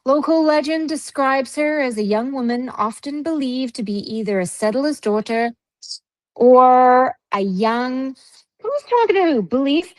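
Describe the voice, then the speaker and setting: A woman's voice: high-pitched, lively intonation, unhurried, no room sound, low-quality recording. A Canadian woman co-hosting a podcast, reading a ghost story aloud and breaking off to scold her pets. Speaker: podcast co-host. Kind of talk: casual podcast chat and read ghost story.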